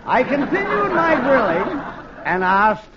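In a muffled, hissy old radio recording, a man with an extremely high voice and big pitch swings speaks slowly. He's a comic narrator playing an inspector in a 1940s radio comedy, delivering hammy, mock-hardboiled narration.

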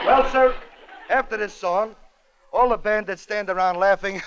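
A man's voice: sits high, moderate pace, music in the background, poor audio. A man hosting a comedy show, telling a comic story in a wry, joke-timed way. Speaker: comedy radio host.

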